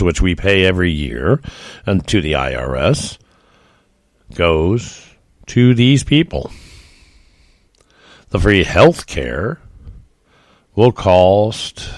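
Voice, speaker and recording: Man, deep voice, folksy opinionated podcast commentator, emphatic, dry recording. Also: no room sound. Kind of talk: opinionated solo monologue.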